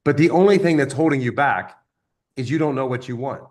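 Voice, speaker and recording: A man giving an energetic motivational sales training talk, acting out stories with quoted voices. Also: medium pitch, brisk.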